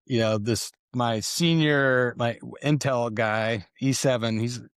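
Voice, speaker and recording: A middle-aged man, a podcast guest, telling relaxed, casual stories and swearing now and then. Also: mid-range voice, a little slow, clear, resonant tone, dry recording, studio quality. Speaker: guest, retired Special Forces colonel. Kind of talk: casual conversational storytelling. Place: podcast studio.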